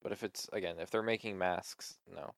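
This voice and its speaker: A young man with a low voice co-hosts a casual chat show. He talks loosely, full of fillers and the odd swear word. The sound is dry and close. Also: fairly even intonation, normal speed, gravelly, dry recording. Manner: loose, swears often, trailing filler words. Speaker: podcast co-host.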